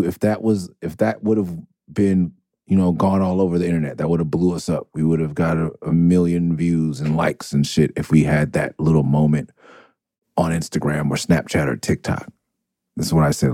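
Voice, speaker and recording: Gravelly deep-voiced man telling stories. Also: dry recording. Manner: animated, laughing, swears freely. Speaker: podcast host. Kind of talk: casual storytelling.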